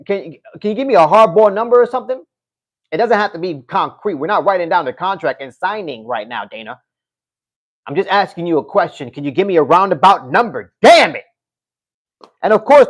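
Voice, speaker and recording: High-pitched male streamer, casual chat with his audience, animated and loose-mouthed. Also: a little fast. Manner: animated, talks straight to chat, swears. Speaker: livestream host. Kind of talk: casual livestream chat reading comments.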